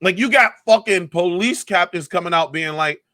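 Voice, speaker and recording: A man co-hosting a casual comedy podcast, ranting with lots of swearing and animated emphasis. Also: sits high, moderate pace, no echo, studio quality. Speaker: podcast co-host.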